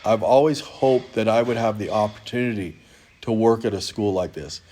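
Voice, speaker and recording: A man giving an informal spoken appeal about his ministry, halting with many restarts and growing emotional. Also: fairly low pitch, mellow, a little hiss or hum. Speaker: ministry leader. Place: hotel in Uganda.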